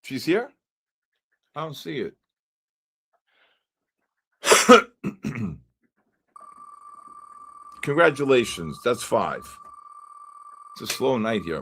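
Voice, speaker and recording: A man's voice: a little high, fairly bright tone. A man hosting a live trading stream, calling out viewer names one by one like an auctioneer. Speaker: livestream host.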